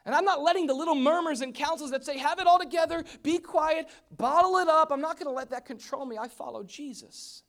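A man voicing a desperate blind man who pleads and builds to shouting. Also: high voice, huge pitch swings, measured pace, pauses often, pitched above the performer's own voice, exaggerated voice. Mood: defiant pleading.

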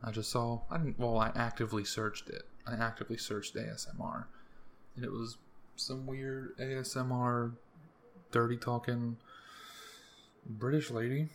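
A man's voice: medium pitch, flat delivery, moderate pace, slight background noise. A young man hosting a solo podcast, rambling casually with crude jokes. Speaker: podcast host.

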